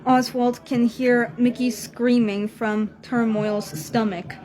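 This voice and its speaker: Slow, halting woman narrator. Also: fairly high pitch, flat delivery, darkish tone. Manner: halting, self-correcting reading. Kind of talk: amateur fan story narration.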